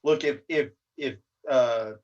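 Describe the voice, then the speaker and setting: A man's voice: medium pitch, slow, a little mellow, lo-fi sound. A man guest in a casual movie chat who makes dry, wry remarks. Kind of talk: casual live-stream chat.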